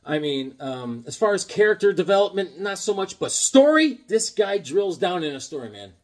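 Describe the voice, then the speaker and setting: A man with a high-pitched, darkish-toned voice chats very animatedly at a moderate pace about his collection of comics. He's joking and rambling throughout, with fillers and exaggerated voices in his anecdotes.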